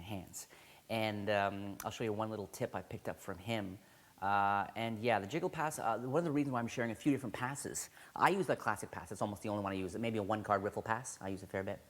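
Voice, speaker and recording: A man with a fairly low voice teaching card sleights in a casual video tutorial. He talks in an enthusiastic, conversational way, restarting phrases as he goes. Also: quick pace. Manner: enthusiastic, conversational, self-correcting.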